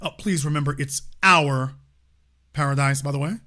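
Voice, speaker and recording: A man's voice: fairly high pitch, pushed and bright, voice pushed down. A man voicing a smug wealthy local who politely lectures a rich foreign man on who owns the land. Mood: mock-polite. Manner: mock-polite, condescending, slow.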